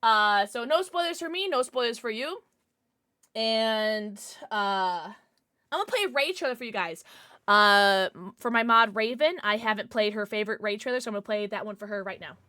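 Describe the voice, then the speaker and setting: A woman game streamer in casual livestream chat, bubbly and excitable, often breaking into giggles. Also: on the high side, normal speed.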